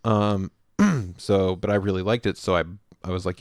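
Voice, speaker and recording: Man co-hosting a podcast, casual storyteller, lowish voice, acts out quotes, laughs often, dry close mic. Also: fairly even intonation, moderate pace, dry recording. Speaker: podcast co-host.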